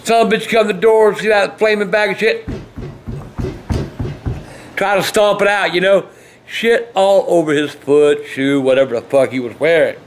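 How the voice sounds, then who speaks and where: An older man telling stories in a foul-mouthed, blustering way that often breaks into shouting. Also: high-pitched, moderate pace, long pauses, a little hiss or hum. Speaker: storytelling vlogger. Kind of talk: profane storytelling.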